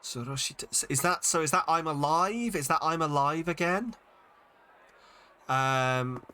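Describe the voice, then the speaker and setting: A man's voice: a little high, unhurried, sharp tone. A man streaming a game, chatting casually and thinking aloud as he sounds out Japanese words, with many fillers. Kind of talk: casual live-stream chat while reading Japanese.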